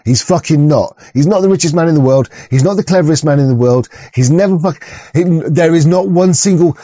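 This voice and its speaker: Man, fairly high voice, mellow tone, dry lo-fi sound, profane stammering ranter. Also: a little fast, no room sound. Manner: profane, stammering, rambling rant. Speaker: streamer reacting to videos. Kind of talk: ranting reaction commentary.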